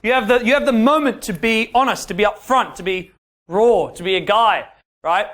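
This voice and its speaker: A dating coach with a high-sitting voice and moderate pace gives a seminar talk to a class of men. He's animated, acts out quoted dialogue, and keeps checking in with his listeners by asking "yeah?"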